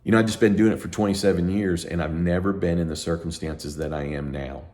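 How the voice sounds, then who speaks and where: A middle-aged accountant talking to camera in a heated, emphatic rant, sleep-deprived and worked up. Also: male voice, low voice, fast talker. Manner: emphatic, ranting, animated. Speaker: accountant and tax educator. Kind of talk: heated unscripted talk to camera.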